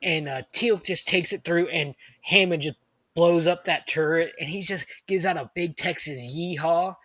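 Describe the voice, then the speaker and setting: Man, casual fan chat, higher voice, bright tone, dry close sound. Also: normal speed, dry recording. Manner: excited, rambling, searches for names. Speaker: podcast co-host.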